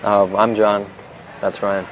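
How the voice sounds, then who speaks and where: A man trading dry, deadpan jokes in an interview. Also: on the low side, slow, over a noisy crowd, very noisy. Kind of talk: joking interview banter.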